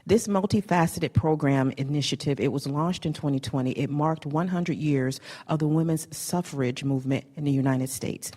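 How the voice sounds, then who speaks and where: A woman's voice: deep voice, normal speed, few pauses, mellow. A woman at a council meeting reading a formal award tribute aloud, effusive in her praise. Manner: effusive, gets emotional near the end. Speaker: council member presenting an award.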